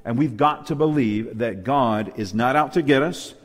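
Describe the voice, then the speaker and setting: A man's voice: mid-range voice, normal speed, long reverb tail. A man preaching a sermon to a church audience, emphatic and calling out for amens. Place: church hall with a live and online audience.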